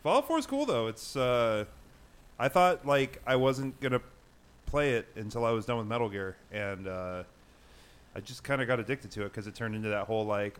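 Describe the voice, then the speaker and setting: A man's voice: medium pitch, animated, moderate pace, clear, resonant tone. A man hosting a casual podcast, chatting and rambling about video games with friends, laughing often. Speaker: podcast host. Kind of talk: casual gaming chat among friends.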